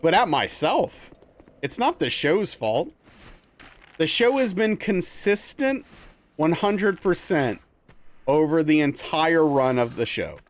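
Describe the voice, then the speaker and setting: Chatty young streamer guy, fairly high voice. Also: takes it slowly. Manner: rambling, animated storytelling with lots of "dude" and "like". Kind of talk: casual chat while playing a game live.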